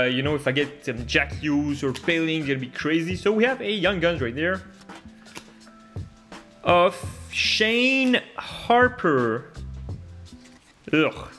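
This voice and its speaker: Cracking hockey card packs, a man keeps up casual commentary, laughs a lot, and bursts into loud gasps and curses when he gets good pulls. His voice is a little high.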